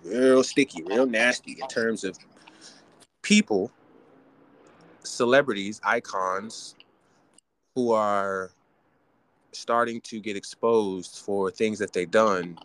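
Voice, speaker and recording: A man's voice: fairly low pitch, takes it slowly, pauses often, a bit bright. A man hosting a podcast alone, ranting theatrically about hip hop culture. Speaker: podcast host. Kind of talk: solo podcast rant.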